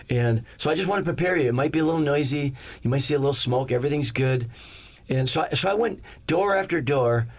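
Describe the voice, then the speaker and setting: A male pastor telling a story to his congregation. His delivery is lively, and he slips into the voices of the people in the story, bouncing up in pitch to play them. His own speaking voice sits at a middle pitch for a man. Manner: animated, acts out each character's lines in the story. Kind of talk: storytelling sermon.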